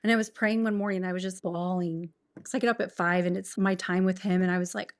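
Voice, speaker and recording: A woman's voice: on the low side, fairly even intonation. A woman in her forties, a podcast guest, sharing her faith testimony in earnest, emotional conversation. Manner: earnest, emotional, quick bursts of enthusiasm.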